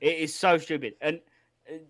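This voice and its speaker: A man's voice: a little high, steady tone, moderate pace, dry recording. A man co-hosting a podcast, chatting casually, swearing and laughing a lot as he acts out quotes. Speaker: podcast co-host. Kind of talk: casual chat, movie review.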